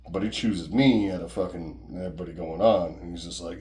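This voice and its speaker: A man's voice: low voice, fairly even intonation, a little fast, darkish tone. A man casually telling a personal story in a rambling, profane, conversational way.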